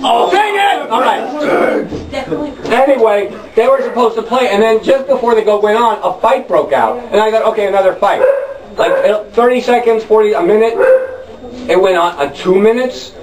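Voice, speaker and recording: A man performing a rambling, wry storytelling monologue on stage, breaking into loud shouted chants. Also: sits high, fairly quick, heavy background noise. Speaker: spoken word performer. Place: club stage with audience. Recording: echoey room from a distant mic.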